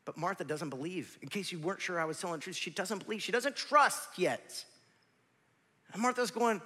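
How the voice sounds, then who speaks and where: A man in his forties preaching a sermon, swinging from loud shouts to near whispers, with joking asides to the congregation. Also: fairly high pitch, big pitch swings, fairly quick, slightly rough, in a large hall. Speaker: pastor.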